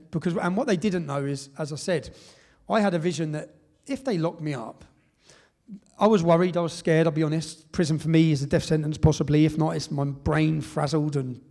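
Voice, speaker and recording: In an event hall, a middle-aged man from England delivers a live speech, emphatically recounting his story and often adding "yeah?" to the end of sentences. His voice is a little high, creaky, and darkish in tone.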